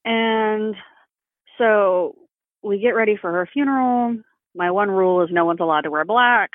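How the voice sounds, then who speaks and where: A woman's voice: medium pitch, a little slow, no room sound. Blunt woman over a tinny line. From Southern United States. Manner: frank and blunt, swears freely, with a lot of "like". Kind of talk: candid casual chat. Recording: phone-like narrow sound.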